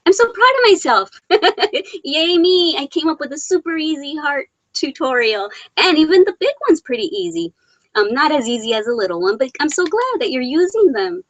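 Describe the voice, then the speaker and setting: A woman's voice: sits high, big pitch swings, brisk, no room sound, rough recording. A middle-aged woman hosting a casual live stream from home over a laptop mic, reading viewer comments, laughing often and sounding teary, close to crying. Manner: giggly, laughs often between sentences. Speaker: live Q&A host. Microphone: laptop microphone.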